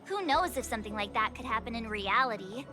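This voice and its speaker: An actress playing an eager, talkative young female sidekick in a video game, telling a story with lively energy. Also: on the high side, brisk, music in the background, close to an everyday voice. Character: bright, chatty young woman sidekick.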